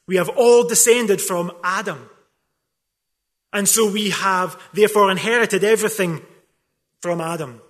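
A high-voiced man preaches with a bright, sharp edge to his tone. He drives his points home through rhetorical questions and slips in dry, joking asides. The delivery is that of a pastor in full sermon. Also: measured pace, pauses often. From not from England.

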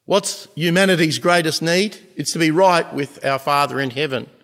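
A man preaching a sermon as a pastor, earnest, with emphatic pauses and swells in volume. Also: on the high side, fairly bright tone. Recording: long reverb of a large hall.

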